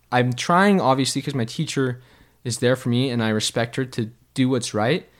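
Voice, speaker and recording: A man's voice: medium pitch, moderate pace, few pauses. A young man co-hosting a casual faith podcast, telling a personal story in an earnest, reflective way. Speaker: podcast co-host.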